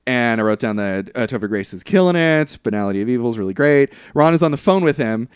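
A man's voice: mid-range voice, animated, fast, clear, resonant tone, no echo, clean studio sound. A man casually recapping a film on a podcast, rambling with lots of fillers and the odd curse. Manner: loose, rambling recap with frequent fillers and profanity. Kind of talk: casual chat.

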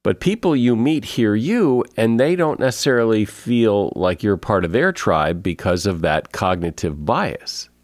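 A man's voice: fairly low pitch, animated, a little slow, few pauses, dry recording, studio quality. A male podcast host asking questions in a conversational way, with some hesitation as he searches for words. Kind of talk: interview questions.

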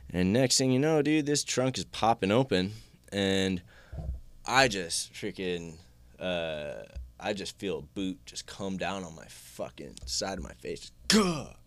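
A man's voice: deep voice, unhurried, no room sound. A man casually telling a long personal story, rambling with lots of filler words and swearing.

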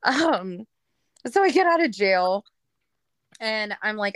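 Frank, bright-voiced woman telling her story. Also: medium pitch, sing-song, slow pace, dry recording. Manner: frank, rambling, with frequent fillers and laughs. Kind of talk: candid personal storytelling.

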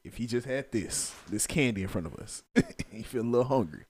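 A man's voice: medium pitch, lively intonation, a little fast, a little mellow, slightly rough. A man co-hosting a podcast, playfully ribbing his friends. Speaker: podcast co-host. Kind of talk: casual podcast banter.

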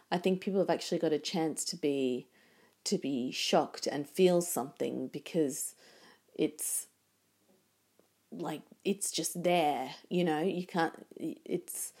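A woman's voice: sits low, slow pace, dark tone. A woman talking casually and reflectively, rambling with many restarts. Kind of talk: casual conversation.

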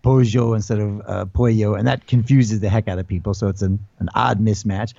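A man's voice: on the low side, steady tone, fairly quick, gravelly, mellow, dry recording, highs cut off. An American man in his forties talking casually as an interview guest, rambling with lots of fillers and restarts. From United States.

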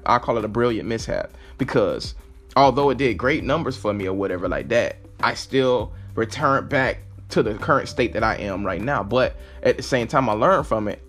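A man's voice: medium pitch, a bit bright. Guy rambling motivational advice on his podcast, says like a lot, faint music underneath. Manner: earnest, repetitive, heavy use of "like". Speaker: podcast host. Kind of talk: casual motivational monologue. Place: own apartment.

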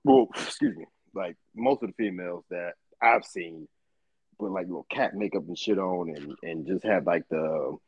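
A man co-hosting a podcast, talking in an animated, profane, exclaiming way. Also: sits low, normal speed, vocal fry, slightly rough, no room sound, dull audio. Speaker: podcast co-host. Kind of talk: casual podcast chat.

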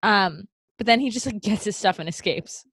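A woman in casual podcast chat, chatty and quick to laugh, retelling a film's scenes. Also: mid-range voice, a bit bright, breathy edge, no echo, clean studio sound. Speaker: podcast co-host. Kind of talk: casual movie recap chat.

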